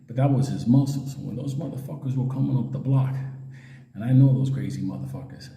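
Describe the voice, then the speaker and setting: A man's voice: medium pitch, a little fast, vocal fry. A middle-aged man telling a story casually, swearing heavily and laughing often. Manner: animated, laughing, heavy swearing. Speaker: show host. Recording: roomy echo with long reverb.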